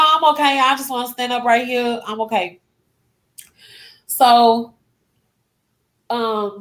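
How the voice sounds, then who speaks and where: Guest, young woman, fairly high voice, emotional first-person storyteller who acts out the dialogue. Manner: emotional retelling with acted-out quotes.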